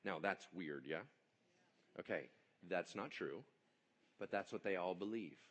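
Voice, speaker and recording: A man preaching a sermon, telling the story with animated energy and joking asides. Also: low-pitched, unhurried. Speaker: pastor.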